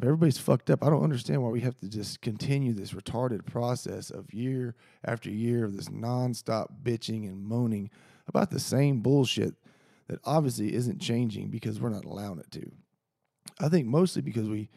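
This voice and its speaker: A man rants through a casual solo podcast, rambling, heated and swearing constantly. His voice is gravelly with a dark, husky edge, close and dry on the mic. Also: medium pitch, dry recording. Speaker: podcast host.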